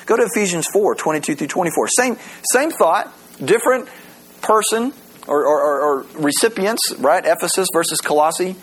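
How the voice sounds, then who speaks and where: A man preaching a sermon, animated and conversational, stumbling over repeated words as he starts sentences and slowing down to read scripture aloud. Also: fairly high pitch, breathy edge. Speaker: pastor.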